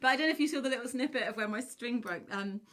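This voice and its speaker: Woman from Cornwall, stream host, fairly high bright voice, laughs through her chat. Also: very fast. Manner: giggly, often breaks into laughter; reads out viewer messages warmly. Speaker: musician hosting a live stream. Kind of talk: casual live-stream chat.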